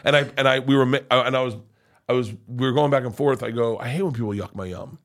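In a fast, medium-pitched delivery, a middle-aged comedian guesting on a podcast tells a meandering comic story. He stays animated, swears freely, and performs the voices of everyone involved.

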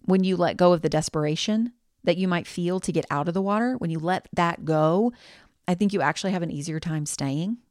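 A woman's voice: lowish voice, fairly quick, a little mellow, dry recording, clean studio sound. A woman hosting her own podcast, giving a candid, reassuring pep talk. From United States. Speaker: podcast host.

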